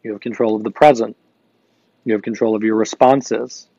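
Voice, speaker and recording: A young adult man hosting a live gratitude show, talking in an energetic, upbeat coaching manner, reading viewer comments and repeating phrases for emphasis. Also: lowish voice, normal speed, no echo. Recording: dry, slightly dull stream audio.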